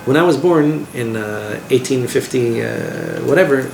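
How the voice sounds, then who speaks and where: A man, a rabbi, teaching an informal class in a lively way, asking his listeners questions and using Hebrew terms. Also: medium pitch, a little slow, creaky. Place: classroom with a small group. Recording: echoey room with background noise.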